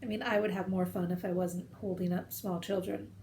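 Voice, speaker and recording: A woman's voice: fairly low pitch, steady tone, a little fast, darkish tone, slight background noise. A woman in her thirties chatting casually at home as the host of a knitting video show, rambling from one story to the next. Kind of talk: casual chat to camera.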